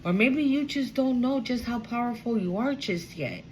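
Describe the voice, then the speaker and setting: A woman's voice: a little high, expressive, normal speed, a little mellow, a little hiss or hum, low-quality recording. A woman giving a casual, emotional spiritual card reading to her viewers, repeating herself and swearing now and then. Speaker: tarot reader.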